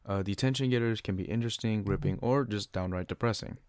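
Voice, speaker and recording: Young guy with a real low voice reading his class podcast off a script, dry close sound. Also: fast, a little mellow, clear, resonant tone, no room sound. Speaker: student podcaster.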